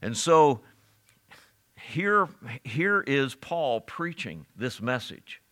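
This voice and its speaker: A man's voice: mid-range voice, sing-song, very slow, fairly bright tone. A man preaching a sermon as a pastor, emphatic and direct, asking his listeners rhetorical questions.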